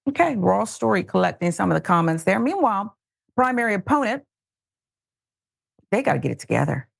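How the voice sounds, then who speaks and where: A woman's voice: medium pitch, big pitch swings, fairly quick, vocal fry, breathy edge, no echo, clean studio sound. A woman with a Southern American accent hosting political commentary, sarcastic, exasperated and emphatic. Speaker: host.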